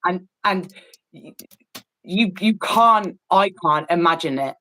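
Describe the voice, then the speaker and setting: A woman's voice: on the low side, lively intonation, slow pace, fairly bright tone, rough recording. A woman in casual chat on an art stream, telling a long story with many fillers and restarts, sounding incredulous and disgusted. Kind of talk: casual chat while painting.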